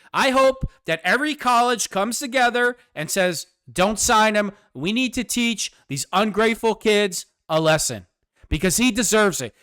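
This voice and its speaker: High-voiced man on a sarcastic rant. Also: pushed and bright, clear, resonant tone, dry recording, clean studio sound. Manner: sarcastic, combative, mocking. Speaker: host. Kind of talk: political commentary rant.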